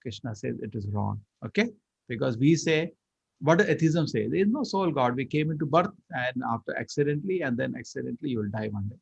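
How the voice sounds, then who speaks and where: Male scripture teacher, gravelly and a bit husky, dull lo-fi sound. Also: medium pitch, darkish tone. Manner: chants Sanskrit verses and explains them line by line. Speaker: Bhagavad Gita teacher. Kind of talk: scripture class lecture.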